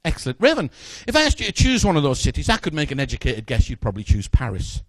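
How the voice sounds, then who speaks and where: A man's voice: on the high side, wildly swooping pitch, quick pace, no echo. A man performing a magic routine, chatting jokily with a volunteer from the audience on stage. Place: stage in front of a live audience.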